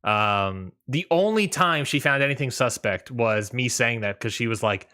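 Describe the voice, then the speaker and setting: A young man co-hosting a podcast, chatting casually and rambling through a personal story with frequent laughter. His voice is bright and ringing, and his pitch is middle for a man. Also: animated, moderate pace, smooth. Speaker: podcast co-host.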